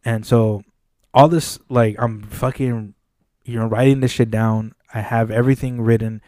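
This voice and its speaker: Man, podcast co-host, casual storytelling, acts out voices, swears a lot, mellow tone, dry studio sound. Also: mid-range voice, moderate pace, no room sound. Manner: animated, acts out quoted dialogue, frequent swearing. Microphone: studio mic.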